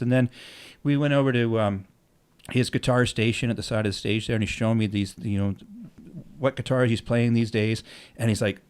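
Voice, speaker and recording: A man's voice: medium pitch, a little fast. A middle-aged man casually telling stories on his podcast, acting out the dialogue and swearing freely. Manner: animated, acts out quoted dialogue, swears freely. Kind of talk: casual storytelling.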